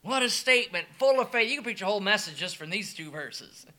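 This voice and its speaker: High, bright-voiced man preaching. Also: fast. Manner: emphatic and animated, swings between soft asides and loud, shouted declarations. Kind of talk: sermon.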